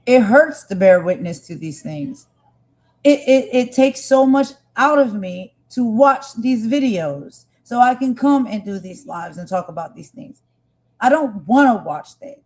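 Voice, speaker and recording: A woman's voice: on the high side, lively intonation, unhurried, darkish tone, low-quality recording. A woman hosting a live stream, talking with feeling and emphasis, repeating her points and speaking straight to her viewers. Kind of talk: impassioned live stream commentary.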